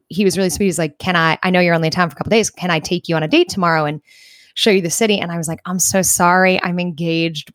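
Fast-talking young woman podcaster. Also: fairly low pitch, no room sound, studio quality. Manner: fast, animated storyteller, acts out quotes. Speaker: podcast co-host. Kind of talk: casual chat.

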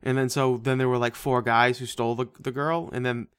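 A man's voice: medium pitch, flat delivery, brisk, fairly bright tone, clean tone, no echo. Sarcastic, swearing man on a dry mic. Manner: profane, sarcastic, laughs often. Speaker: podcast co-host. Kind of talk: casual movie-review chat.

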